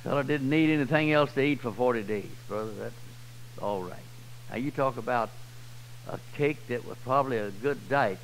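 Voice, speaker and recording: A man with a Southern US accent preaching a sermon, swinging from loud, high cries to low, quiet passages. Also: a little hiss or hum, rough recording. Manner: swells loud and high then drops low and soft. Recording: old 1990s church tape.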